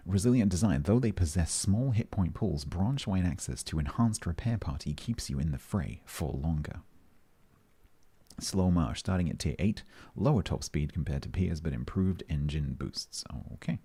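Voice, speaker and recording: A man's voice: sits low, animated, normal speed, dark tone, slightly rough. A man streaming a game, chatting casually with his chat and reading update notes aloud, breaking off to joke and answer questions.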